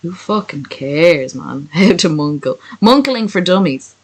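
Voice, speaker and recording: A woman's voice: on the low side, lively intonation, measured pace, breathy edge, rough recording. A woman reading a story aloud for laughs, breaking off for crude, joking asides. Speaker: reader of a fan story. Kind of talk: comic reading aloud with commentary.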